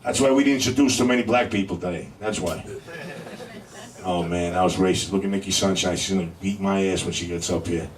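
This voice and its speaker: A man's voice: low-pitched, distant mic. A man hosting a comedy show, doing stand-up and teasing the crowd, stretching out his punchlines. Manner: banters with the crowd, drawn-out punchlines. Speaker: comedy club host. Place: comedy club. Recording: roomy club sound from afar with faint noise.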